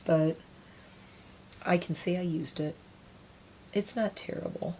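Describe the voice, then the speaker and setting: Woman doing her makeup and chatting, kinda low voice, rambles a lot, faint hum behind. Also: fairly even intonation, measured pace, gravelly, long pauses, warm tone. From United States. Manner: chatty, rambling, self-deprecating. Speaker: beauty vlogger. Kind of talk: casual get-ready-with-me chat.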